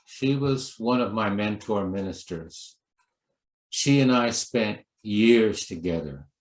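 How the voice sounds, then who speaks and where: Unhurried man pastor in echoey room. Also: lowish voice. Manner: gentle, storytelling, with lively acted quotes. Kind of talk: sermon talk.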